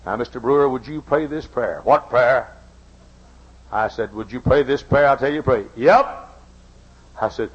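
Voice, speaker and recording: A man preaching a sermon, telling stories and acting out the voices in them, going from quiet to shouting. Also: medium pitch, normal speed, long pauses, slightly rough. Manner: dramatic, acts out voices, swings from soft to shouting. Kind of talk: sermon with storytelling. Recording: dull lo-fi recording.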